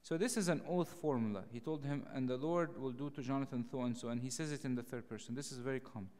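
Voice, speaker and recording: A clergyman teaching a Bible study in a lively, animated way, raising his voice to act out the dialogue. His voice sits at an ordinary male pitch. It rings with the long reverb of a large hall. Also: quick pace. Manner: animated, acts out dialogue in raised voice.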